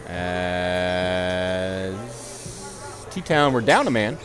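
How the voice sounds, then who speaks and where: A man calling play-by-play for a ball hockey game, rambling into self-deprecating asides between plays and shouting on goals. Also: deep voice, drawn-out words, over music. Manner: excited calls on goals. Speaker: play-by-play commentator.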